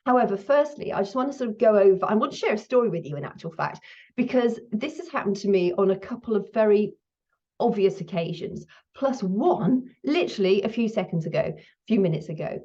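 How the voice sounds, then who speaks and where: A middle-aged woman hosting her own menopause video, talking candidly to camera while still shaken, her breathing high. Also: expressive, fairly quick, mellow. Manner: chatty, candid, laughs now and then. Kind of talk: casual talk to camera. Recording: slightly dull lo-fi sound.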